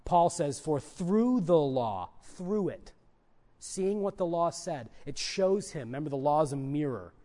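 High-voiced man preaching an emphatic sermon. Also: lively intonation, unhurried. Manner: emphatic, rises loud on key points, then drops to soft asides.

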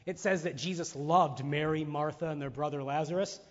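A man preaching a sermon to his church, animated, acting out voices and firing off rhetorical questions. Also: on the high side, moderate pace. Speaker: pastor. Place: church sanctuary. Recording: muffled sound in a reverberant hall.

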